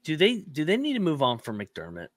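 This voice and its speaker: Male co-host, slightly high and punchy, profane and emphatic, dry close sound. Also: huge pitch swings, a little fast, dry recording. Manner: fired-up, profane, emphatic ranting. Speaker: podcast co-host. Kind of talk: casual podcast chat.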